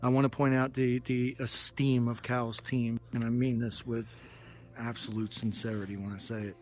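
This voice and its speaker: Flat, halting man giving earnest praise. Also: medium pitch. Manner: halting, filler-heavy, earnest. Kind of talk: casual speech to an audience.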